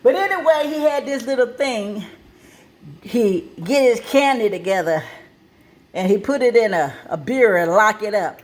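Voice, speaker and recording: A woman hosting a cooking show and telling a story at her kitchen stove, lively and plain-spoken. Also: fairly high pitch, unhurried.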